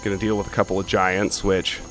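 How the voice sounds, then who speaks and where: A man's voice: low voice, little pitch movement, brisk, fairly bright tone, soft background music. A man hosting a let's play, chatting casually as he plays, thinking aloud and swearing offhandedly. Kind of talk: casual gaming commentary.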